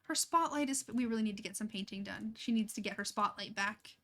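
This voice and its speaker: A woman's voice: medium pitch, fairly quick, bright, forceful tone. A young woman chatting casually as she streams a life-sim game, talking to her characters and laughing often. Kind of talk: casual gameplay commentary.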